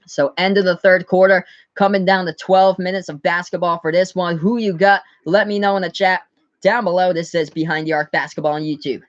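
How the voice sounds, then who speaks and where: A man from the US Northeast giving live play-by-play commentary on his stream, calling the score briskly and talking to his chat. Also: high-pitched, steady tone, dry recording, muffled recording.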